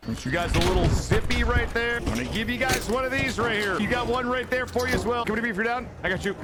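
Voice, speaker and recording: A young man streaming a game live, talking to his chat in a loud, excitable way with sudden yelps. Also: very high-pitched, quick pace, over loud music. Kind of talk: live gaming stream commentary.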